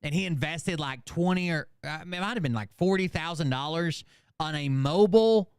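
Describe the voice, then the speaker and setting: A man's voice: on the high side, moderate pace, smooth, no room sound, clean studio sound. A man hosting a casual reaction commentary show, talking in a rambling, profane, sarcastic way. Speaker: commentary channel host.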